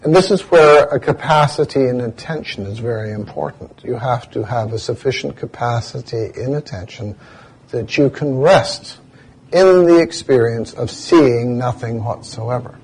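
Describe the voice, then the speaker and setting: A man giving a dharma talk as a meditation teacher, telling stories and slowly spelling out Sanskrit chant words. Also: medium pitch, darkish tone, a little hiss or hum.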